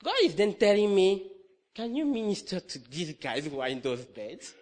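Animated man preaching a sermon. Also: high voice, moderate pace. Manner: animated storytelling, acts out dialogue, laughs often. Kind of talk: sermon with personal story.

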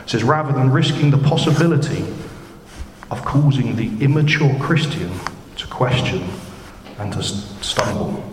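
A man's voice: mid-range voice, normal speed. A man preaching an informal sermon, chatty and conversational, often putting questions to the congregation. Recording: echoey hall with background noise.

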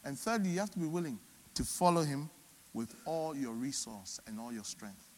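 A man preaching a sermon, swinging between loud emphatic peaks and soft low asides. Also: moderate pace, slight background noise. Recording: long hall reverb.

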